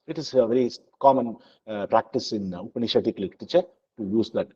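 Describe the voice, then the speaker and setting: Mellow-voiced man teaching scripture. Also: fairly low pitch, slightly rough, highs cut off. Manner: explains slowly, chants Sanskrit verses, many fillers. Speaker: spiritual teacher. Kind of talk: scripture lesson with chanted verses.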